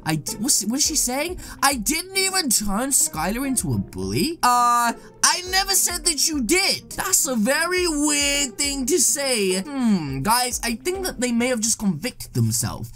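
A woman's voice: high voice, unhurried, few pauses, soft background music. Woman, gaming video host; bouncy, swooping delivery, big exaggerated reactions. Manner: dramatic, excitable, exaggerated reactions. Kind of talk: excited gameplay commentary.

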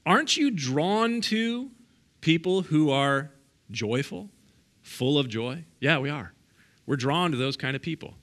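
Middle-aged guy preaching in church, bright kinda forceful voice, keeps punching the same words, asks the crowd stuff. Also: medium pitch. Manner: emphatic, repeats key words for stress; asks the congregation questions directly. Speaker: guest pastor. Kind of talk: sermon. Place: church sanctuary.

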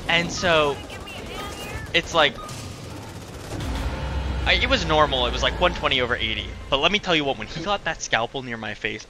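A man's voice: on the high side, animated, normal speed, pauses often, over music. A man telling a rambling story in casual chat while gaming, packing his talk with fillers.

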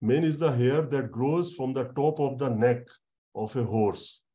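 A man giving an online university lecture, explaining slowly and repeating words with many fillers. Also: mid-range voice, warm tone.

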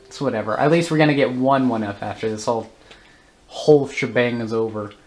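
A woman with a very deep voice talks casually over her gameplay, flustered and exclaiming whenever things go wrong. Soft music plays faintly behind her. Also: a little fast. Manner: flustered, exclaims and groans at the game. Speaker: let's play host.

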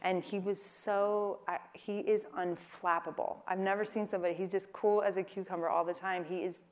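A woman's voice: medium pitch, steady tone, moderate pace, a little mellow. A woman answering audience questions onstage at a live event, playful and joking between thoughtful answers. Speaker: interview guest, singer-songwriter. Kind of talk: onstage interview Q&A.

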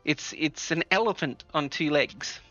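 A man running a tabletop game as game master, telling the scene in a relaxed way with many fillers. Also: on the high side, measured pace, no echo, highs cut off, faint music behind.

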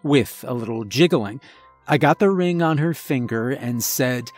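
A man narrating a first-person horror story in a measured, dramatic storytelling manner. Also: medium pitch, lively intonation, faint music behind.

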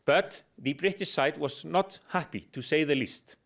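Brief: middle-aged man lecturing in English, slightly high voice, wry humor, pauses on "uh". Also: vocal fry, a bit bright. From Iceland. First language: Icelandic. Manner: explanatory with dry humor, hesitant fillers. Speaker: guest lecturer. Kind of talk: public lecture.

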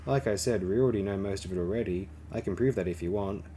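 A man reading the lines of a shrewd male smuggler who talks calmly and reasonably. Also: fairly low pitch, fast talker, slight background noise, natural voice. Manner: calm, reasonable tone.

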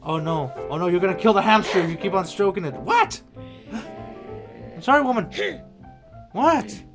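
A reaction video host giving casual commentary, excitable and quick to exclaim and gasp. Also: mid-range voice. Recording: clear background music. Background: clear background music.

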